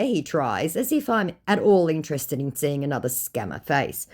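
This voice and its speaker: A woman's voice: low-pitched, sing-song, moderate pace, hardly any pauses, a little mellow. A woman recounting a chat with a scammer in a sarcastic, mocking way. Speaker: scambaiter.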